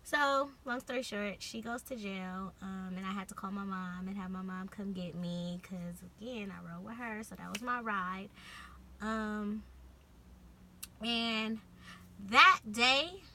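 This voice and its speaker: A young woman with a Californian accent telling a casual storytime vlog, animated, swearing freely and acting out what people said. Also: mid-range voice, slow pace, a little hiss or hum. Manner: animated, swearing, acts out quotes. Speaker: vlogger.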